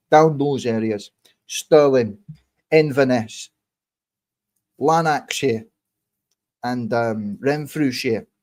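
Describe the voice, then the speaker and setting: Guy doing a put-on scottish accent, rambling, cocky, swears a lot, mid pitch. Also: a little mellow. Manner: boastful, swearing, self-assured. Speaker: YouTuber. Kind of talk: rambling casual monologue.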